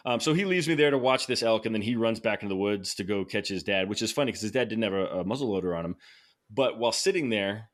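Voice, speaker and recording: As a podcast guest, a man tells a story in a relaxed, lively way, getting excited, laughing along, and often starting his sentences over. His voice sits on the low side and he talks quickly.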